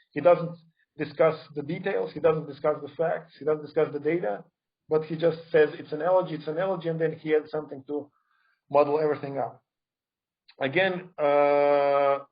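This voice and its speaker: Speaking over a remote video call, a man with a rather high voice gives an academic conference talk. He emphatically and argumentatively criticizes another scholar's claims. The recording sounds muffled.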